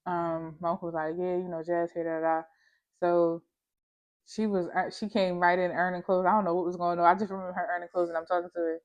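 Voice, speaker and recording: A woman's voice: fairly low pitch, little pitch movement, quick pace, lo-fi sound. A woman vlogger telling a personal story in a candid, slangy, emphatic way, talking straight to the viewer. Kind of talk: casual storytime monologue.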